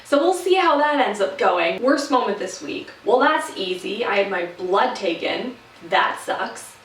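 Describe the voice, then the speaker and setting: A woman's voice: medium pitch, animated, measured pace, recorded from a distance. A young woman from Canada chatting casually in a vlog update, rambling with fillers and restarts. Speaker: vlogger. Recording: roomy echo, voice set back from the mic.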